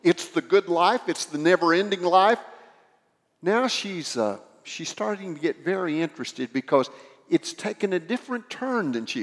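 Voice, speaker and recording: A man preaching a sermon, explaining a scripture passage in an animated storytelling manner. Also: on the high side. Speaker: pastor. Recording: echoey hall with long reverb.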